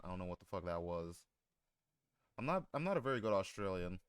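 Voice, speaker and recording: Male streamer, low-pitched, casual banter with chat, crude jokes and frequent laughs, dry close-mic sound. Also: fairly quick, smooth, no room sound. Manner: joking, swears a lot, laughs often. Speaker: live streamer.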